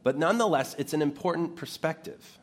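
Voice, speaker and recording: A man's voice: a little high, brisk. Man preaching an Easter sermon. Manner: reads scripture aloud, then explains it plainly. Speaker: pastor. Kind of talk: sermon with scripture reading.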